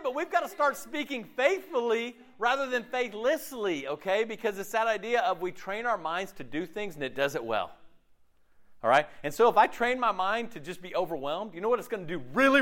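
A man leading a faith-based group discussion, animated and preachy, who keeps checking in with rhetorical questions. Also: high-pitched, moderate pace. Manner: animated, peppered with rhetorical "okay?". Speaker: discussion leader.

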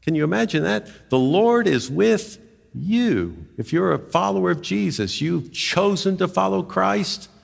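A man preaching a sermon as a pastor, emphatic and animated, with dramatic swings in pitch. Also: a little slow, vocal fry. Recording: long hall reverb.

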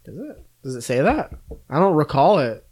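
A man's voice: on the high side, normal speed, husky. Rambling casual man reviewing films. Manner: relaxed, rambling, many "like" fillers. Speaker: podcast co-host reviewing films. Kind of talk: casual chat.

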